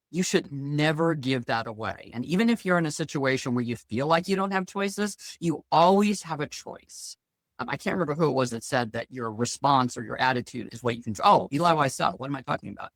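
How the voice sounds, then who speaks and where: A woman's voice: low-pitched, no echo. A middle-aged woman, a financial planner guest, talking bluntly and telling stories in a casual interview. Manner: lively, blunt storyteller.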